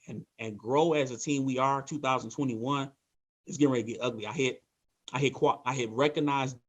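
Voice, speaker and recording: A man's voice: medium pitch, highs cut off. A man leading a motivational sales training talk, speaking with energy and repeating himself as he coaches his team. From Michigan, USA. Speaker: team leader.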